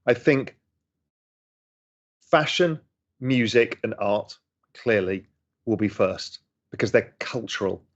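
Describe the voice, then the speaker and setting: A man's voice: lowish voice, expressive, slow, long pauses. A middle-aged man, chatting enthusiastically as he reads and answers chat questions on a casual livestream. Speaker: host answering audience questions. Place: home room. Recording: slightly dull lo-fi stream audio.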